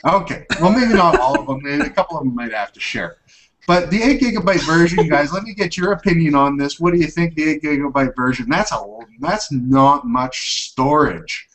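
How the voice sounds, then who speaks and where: A man's voice: a little high, moderate pace, a crowd in the background, low-quality recording. A man hosting a casual tech podcast, chatty and upbeat, rambling as he talks. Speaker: tech show host.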